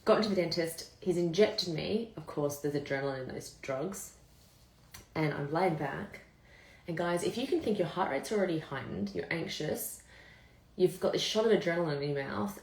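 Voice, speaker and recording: A woman's voice: sits low, darkish tone. A woman in her thirties chatting candidly to viewers in a live vlog, telling her story casually and swearing freely. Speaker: vlogger. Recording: echoey room.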